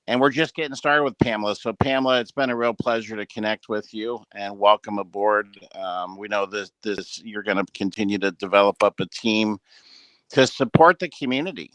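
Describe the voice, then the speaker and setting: Casting: man, lowish voice, motivational team-call speaker, earnest and rambling, bone-dry close sound. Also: moderate pace, fairly bright tone, clean tone, no room sound. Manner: earnest, rambling with many fillers. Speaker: business leader addressing a team call. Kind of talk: motivational talk on a group call. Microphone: headset with ear monitor.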